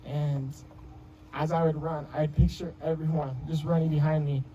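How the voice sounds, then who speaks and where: A man's voice: a little high, little pitch movement, moderate pace, dark tone, lo-fi sound, slight background noise. A young man in his twenties giving a heartfelt wedding speech as the groom, telling stories with many restarts and fillers. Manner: rambling storytelling with many restarts. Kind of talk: emotional personal speech.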